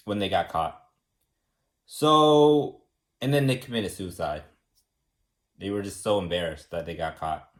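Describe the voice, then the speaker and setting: A man with a fairly low voice talks through a loose, unscripted explanation. He rambles, restarts phrases and leans on "like" and "um". He comes from the United States and sounds like an everyday person sharing his thoughts. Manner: rambling, repeats words, many fillers. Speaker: explainer teaching about government.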